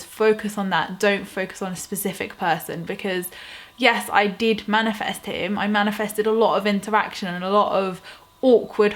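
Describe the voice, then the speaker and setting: Young woman, casual vlog storytelling, chatty, filler-heavy, animated. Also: mid-range voice. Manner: chatty, lots of "like", animated quoted exclamations. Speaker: lifestyle YouTuber. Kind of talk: casual personal storytelling to camera.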